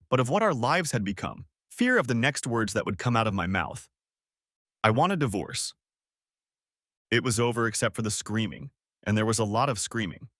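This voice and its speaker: A man's voice: on the low side, fairly bright tone, no room sound, clean studio sound. A man giving dramatic, scripted first-person story narration. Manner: dramatic storytelling, acting out heated lines.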